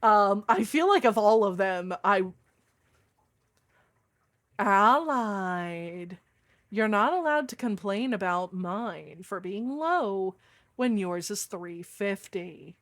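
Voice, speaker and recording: A woman's voice: mid-range voice, animated, unhurried, no room sound. An American woman streamer in casual chat with her viewers, on a streaming microphone. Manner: casual, chatty, talking to chat.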